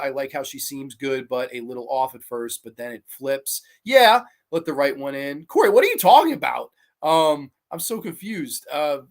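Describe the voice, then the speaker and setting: A man's voice: on the high side, fairly bright tone. A man hosting a livestream, giving casual and profane commentary on horror films while reacting to chat.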